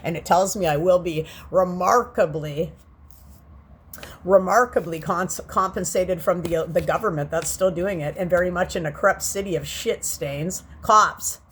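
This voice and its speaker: A woman's voice: on the low side, moderate pace, slight background noise. A woman in her forties ranting agitatedly into a handheld phone while sitting on a bed, swearing often and repeating herself. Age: 40s. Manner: agitated, profane, repetitive. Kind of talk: agitated vlog rant. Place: on a bed indoors.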